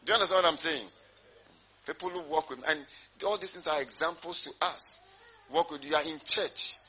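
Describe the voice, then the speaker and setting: A man's voice: fairly high pitch, a little fast, pushed and bright, a little hiss or hum. A man preaching a sermon to his congregation, often asking emphatic rhetorical questions. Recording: dull lo-fi sermon recording.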